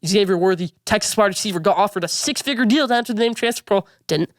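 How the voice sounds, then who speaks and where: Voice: mid-range voice, quick pace, no room sound, studio quality. A sports vlogger giving opinionated commentary, rambling and repeating points as he goes.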